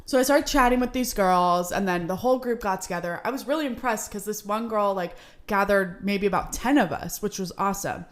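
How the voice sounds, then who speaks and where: A woman's voice: mid-range voice, a little fast. A woman in her twenties from Seattle hosting a podcast, telling a story in a chatty, upbeat way full of "like". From Seattle, United States. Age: 20s. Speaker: podcast host. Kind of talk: casual storytelling.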